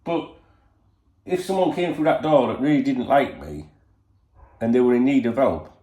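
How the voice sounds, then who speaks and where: A man with a medium-pitched, dark voice and big pitch swings talks at a moderate pace to his channel from his home in Spain, with reverb around him. His casual chat to camera rambles, with plenty of swearing and "you know".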